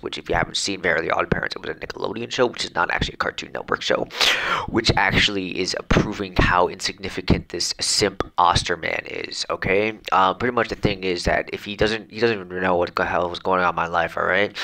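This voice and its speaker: A man's voice: low voice, bright, forceful tone, low-quality recording. A man in a brash, boastful comedic rant, rambling with lots of fillers as he reads out comments. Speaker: comedic YouTuber reading comments.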